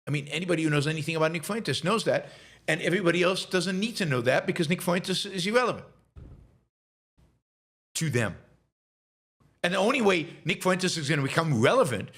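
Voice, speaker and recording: A man delivers a political commentary monologue as host of his show. His voice sits a little high for a man, and he repeats words and restarts often, then drives his points home with rhetorical questions. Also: a bit bright.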